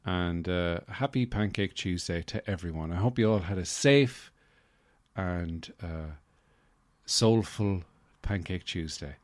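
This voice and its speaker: Deep voiced guy rambling on his own podcast, deadpan jokes, lots of ums, dry close mic. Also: slow pace, no echo. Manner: rambling deadpan humor with many fillers. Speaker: podcast host. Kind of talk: casual solo podcast monologue.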